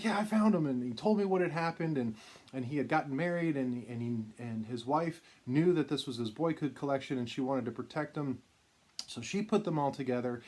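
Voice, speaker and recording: A man's voice: medium pitch, darkish tone. A man hosting his own channel, casually telling a long personal story with many fillers and restarts. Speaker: vintage card collector and channel host.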